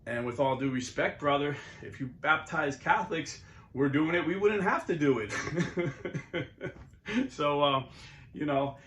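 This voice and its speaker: A middle-aged man, a YouTube host and Catholic convert, delivers a casual, earnest monologue on his channel that sometimes rises into preachy bursts. His voice is a little high and a bit bright, unhurried with long pauses, recorded in an echoey room with slight background noise.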